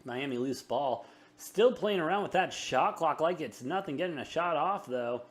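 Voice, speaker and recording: A young man hosting a live sports betting show, rattling off quick play-by-play and joking banter. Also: fairly high pitch. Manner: rapid, energetic play-by-play with self-deprecating banter. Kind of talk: live sports commentary and chat.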